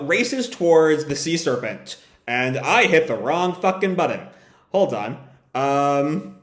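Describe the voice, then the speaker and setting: A man's voice: on the high side, reverberant. A man hosting a live manga reading and reaction, reading the dialogue aloud in raised voices and swearing casually.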